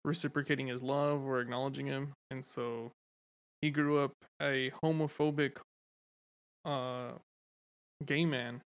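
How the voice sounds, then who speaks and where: A man's voice: medium pitch, level tone, unhurried, pauses often. A man co-hosting a podcast, telling stories in a rambling, loose way with cursing and easy laughter. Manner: rambling, swearing, laughs easily. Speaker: podcast co-host. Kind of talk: casual podcast chat.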